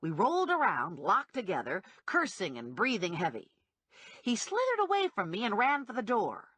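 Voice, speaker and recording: A woman narrates a comic audiobook in the first person, her voice bright and full of sweeping pitch changes. There is a touch of breathiness in her tone, and the recording sounds dry and close. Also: normal speed, breathy edge, dry recording. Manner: lively, wide-ranging delivery with acted character voices.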